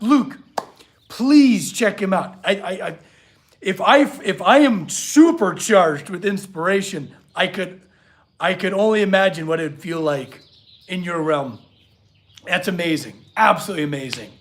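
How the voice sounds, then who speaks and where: High-voiced earnest man chatting on a livestream. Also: a bit bright. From California. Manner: earnest, emotional, gushing, reads chat aloud. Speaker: livestream host, blacksmith artist. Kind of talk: casual livestream chat. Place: workshop.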